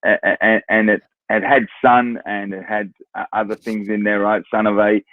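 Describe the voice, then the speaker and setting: Australian man, former footballer, casual anecdotes, repeats words, lowish voice, tinny phone-like sound. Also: level tone, normal speed, no echo. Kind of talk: casual storytelling.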